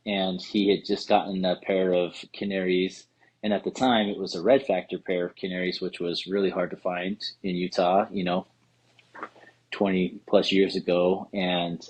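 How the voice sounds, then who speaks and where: A man, co-hosting a podcast and telling a story in a casual, animated way, acting out quotes. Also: low voice, breathy edge, lo-fi sound. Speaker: podcast co-host.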